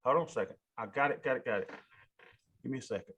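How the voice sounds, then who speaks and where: A man's voice: mid-range voice, fast talker, fairly bright tone, breathy edge. A man, a financial advisor giving a rambling, emotional talk and calling his listeners y'all. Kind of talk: casual rambling monologue.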